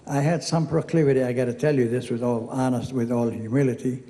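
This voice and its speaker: A man's voice: mid-range voice, steady tone, fast, warm tone. An older man from Lebanon with a Lebanese accent, giving a chatty, anecdotal acceptance speech and acting out the dialogue in his stories. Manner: chatty storyteller, acts out quoted dialogue. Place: event hall. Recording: reverberant hall.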